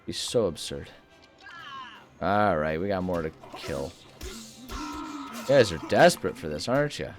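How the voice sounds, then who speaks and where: This let's-play host has a low, very animated voice, speaking a little slowly and pausing often over faint background music. The young man rambles, jokes, talks to himself, and pokes fun at himself while gaming.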